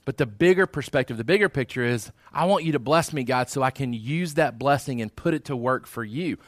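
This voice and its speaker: A man's voice: mid-range voice, fairly quick, no room sound, studio quality. A man preaching a sermon as pastor, earnest and repeating phrases for emphasis.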